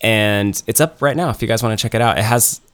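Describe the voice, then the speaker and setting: A man's voice: on the low side, quick pace, fairly bright tone, smooth. A man co-hosting a podcast in casual chat, rambling with lots of ums and restarts. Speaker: podcast co-host.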